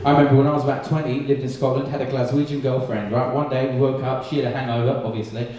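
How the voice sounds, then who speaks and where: A man from England doing a sweary, animated stand-up set, telling stories and slipping into character voices. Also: medium pitch, fast talker, slight background noise. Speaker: stand-up comedian. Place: comedy club stage with audience. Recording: echoey live room, distant mic.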